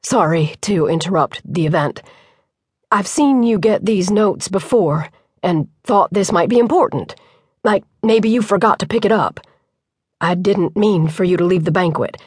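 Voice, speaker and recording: A woman's voice: on the low side, normal speed, darkish tone, slightly rough, no echo, studio quality. A woman narrator voicing an earnest, worn-out young man who manages a building site. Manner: earnest, weary. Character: tired, loyal young male site manager.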